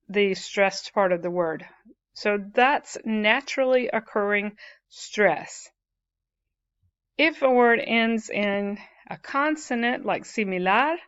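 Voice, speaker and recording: Patient woman teacher walking through grammar rules, unhurried and clear, slightly muffled audio. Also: mid-range voice, fairly bright tone. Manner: patient, explains step by step with fillers. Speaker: Spanish teacher. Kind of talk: classroom grammar lesson.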